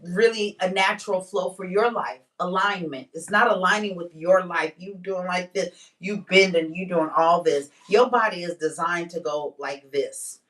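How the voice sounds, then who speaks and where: A woman's voice: lowish voice, fairly bright tone, far from the mic. Candid slangy woman vlogger, a bit off-mic. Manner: candid, emphatic, slangy, slows down to stress points. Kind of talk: casual personal monologue.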